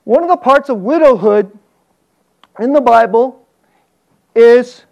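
A man preaching a sermon as a pastor, earnest and animated, often chuckling and stammering as he talks. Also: extremely high pitch, takes it slowly, gravelly, pauses often.

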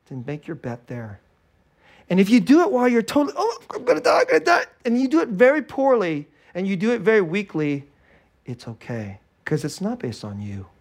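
A male pastor preaching a sermon in an animated way, acting out little scenes and laughing often. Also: a little high. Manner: animated, acts out scared and joyful voices, laughs often.

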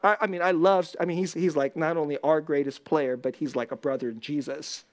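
A man preaching a sermon as pastor, intense and laughing often, dropping into low asides and rising to loud bursts. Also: fairly even intonation, a little fast.

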